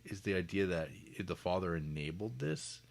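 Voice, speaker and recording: A man co-hosting a podcast who asks his partner halting, probing questions about a film. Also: low-pitched, lively intonation, vocal fry. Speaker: podcast co-host. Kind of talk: casual film review chat.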